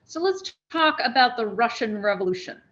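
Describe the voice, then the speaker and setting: A woman giving a spoken history lecture, telling events as a lively story with restarts and asides. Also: fairly high pitch, moderate pace, muffled recording.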